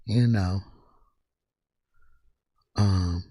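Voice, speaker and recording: A man speaking as an interview guest, halting and slangy, recalling his late son. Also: low voice, fairly even intonation, warm tone, no echo, studio quality. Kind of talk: emotional interview talk.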